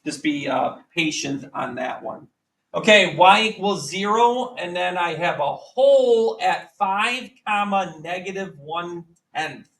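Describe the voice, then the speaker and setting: A man teaching a math lesson to a class, quizzing students with quick repeated questions. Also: sits high, a bit bright. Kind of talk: classroom lecture. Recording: echoey classroom, mic at a distance.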